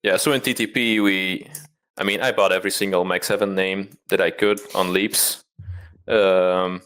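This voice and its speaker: A man's voice: low-pitched, steady tone, normal speed, fairly bright tone, clear, resonant tone. A man interviewed about his trading past, talking candidly and self-deprecatingly, rambling with frequent restarts. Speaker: interview guest, trader.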